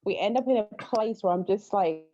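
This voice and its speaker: A woman co-hosting a podcast, reacting with lively, laughing banter. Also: medium pitch, brisk, over a noisy crowd. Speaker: podcast co-host. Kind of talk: casual comedic chat. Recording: dull, lo-fi sound.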